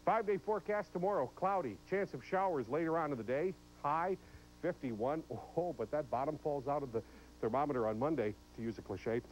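A man's voice: fairly high pitch, brisk, rough recording. A man giving a live TV weather forecast, chatty and playful, dropping joking asides about his own phrasing. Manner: playful, self-mocking asides. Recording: faint hiss on an old broadcast.

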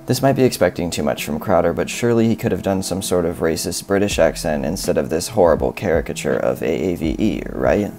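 A man's voice: sits low, animated, fast, hardly any pauses, darkish tone. A man narrating a video essay, reading scripted commentary in a sardonic, critical manner.

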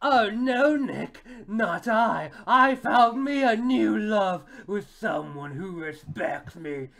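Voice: mid-range voice, animated, slow, gravelly, a bit bright, heavily acted. A podcaster voicing a defiant young female rabbit heroine, reading fan comic lines in an overdramatic comic way. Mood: dramatic.

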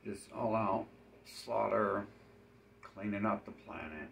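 A man's voice: lowish voice, slow pace, gravelly, a bit bright, a little hiss or hum. A man speaking in a rambling, profane, run-on monologue.

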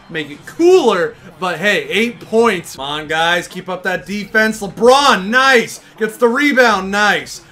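Excitable high-voiced young man commentating gameplay. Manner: excitable, shouts at big plays, groans at misses. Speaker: gaming video host.

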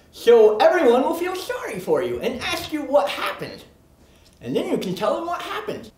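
A performer voicing a boastful oddball man who wants to be a leprechaun, in a comedy sketch monologue, lurching from manic shouts to low mutters. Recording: roomy echo.

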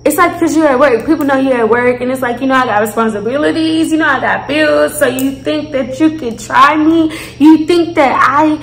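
Woman, 20s, high-voiced, animated storyteller addressing viewers; roomy echo. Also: normal speed, slight background noise. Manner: animated, profane, talks straight to viewers. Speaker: vlogger. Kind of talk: casual storytime.

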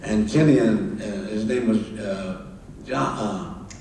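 Low-voiced older man telling stories in an echoey hall. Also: creaky, a little mellow. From Kansas. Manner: halting, repeats words, acts out the other people in his dialogue. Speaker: film director and author, guest speaker. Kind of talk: anecdotal storytelling on stage. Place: large hall at a public event. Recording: echoey hall, distant mic, faint noise.

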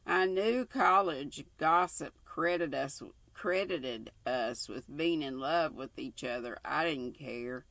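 A woman's voice: sits low, slow pace, few pauses, fairly bright tone, no echo, heavily acted. A woman reading as an earnest young man in love. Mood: tender.

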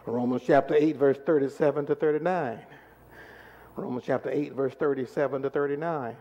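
A man preaching a call-and-response sermon, pressing the congregation with repeated questions and swinging between loud calls and quiet asides. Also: mid-range voice, steady tone, a little fast, muffled recording. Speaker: pastor. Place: large church sanctuary. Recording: echoey church hall.

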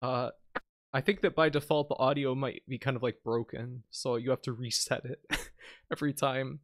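A man's voice: mid-range voice, fairly even intonation, normal speed, no room sound, studio quality. A man streaming a game live, chatting casually with viewers, teasing them and reading menus aloud.

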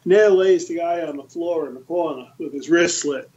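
Man in his sixties telling lively stories. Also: on the high side, normal speed, highs cut off. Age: 60s. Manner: lively anecdotes, acts out the quoted voices. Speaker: podcast guest. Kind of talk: casual storytelling.

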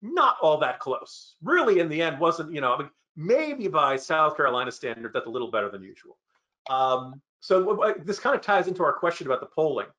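A man on a political panel giving sardonic, fast-flowing analysis and mock-quoting his opponents. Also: fairly high pitch, very animated, pushed and bright. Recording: lo-fi, muffled audio.

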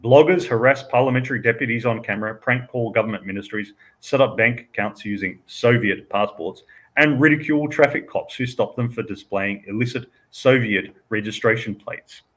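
A man's voice: mid-range voice, moderate pace, fairly bright tone, low-quality recording. A man hosting a live talk show, reading news articles aloud and adding sarcastic, chuckling asides. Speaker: podcast host.

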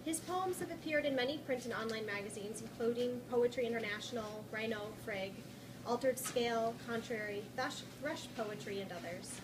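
Woman introducing a poet, measured tone. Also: fairly high pitch. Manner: measured, listing credits at an even pace. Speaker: event host introducing the reader. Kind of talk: reading an introduction. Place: bookstore reading room. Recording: noisy live room recording.

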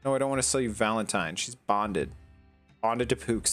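A man's voice: on the low side, lively intonation, moderate pace, a bit bright, soft background music. A man casually commenting as he plays a video game, chatting to the characters on screen. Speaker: gaming channel host. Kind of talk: casual let's-play commentary.

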